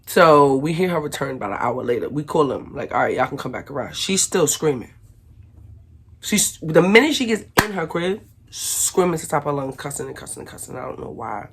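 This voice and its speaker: A woman telling a casual storytime to her viewers, slangy and animated, acting out what everyone said. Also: low voice, a little fast, breathy edge. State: recovering from illness. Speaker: vlogger.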